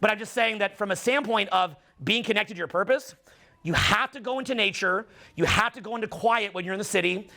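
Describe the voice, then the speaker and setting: Middle-aged guy preaching hard about life, high gravelly voice, swears a lot, slows way down to hammer points. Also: pushed and bright. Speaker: dating and social skills coach. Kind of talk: impassioned motivational monologue.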